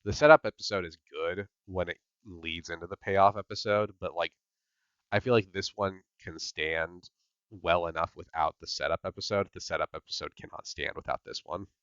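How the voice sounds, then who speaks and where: A man's voice: low voice, fairly even intonation, moderate pace, a bit bright, clean tone, no room sound, muffled recording. A man hosting a podcast recap, chatting casually with lots of "like" and "yep" fillers. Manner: filler-heavy, repeats "yep" and "like". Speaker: podcast host.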